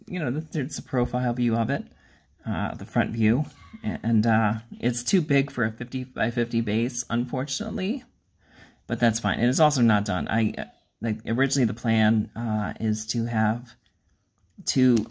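A man hosting a miniature-painting channel, talking casually in a rambling, self-deprecating way, with plenty of ums and uhs. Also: mid-range voice. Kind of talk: casual hobby vlog.

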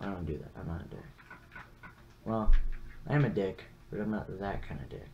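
A young man with a lowish voice talks over his gameplay in a loose, rambling way, swearing casually and poking fun at himself. The recording is muffled and lo-fi. Steady background noise sits under his voice. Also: gravelly. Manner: rambling, profane, self-deprecating. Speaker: gaming channel host.

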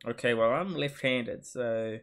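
A man's voice: mid-range voice, measured pace, fairly bright tone, clean tone. A man commentating casually as a gaming YouTuber, thinking aloud in a chatty, hesitant way. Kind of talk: casual commentary while playing a quiz.

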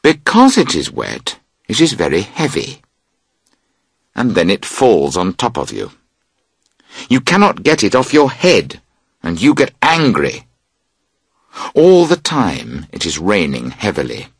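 Slow husky man reading a story. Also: no room sound, studio quality. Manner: slow expressive storytelling with wide pitch swings. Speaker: audiobook narrator. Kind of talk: scripted narration of a graded reader.

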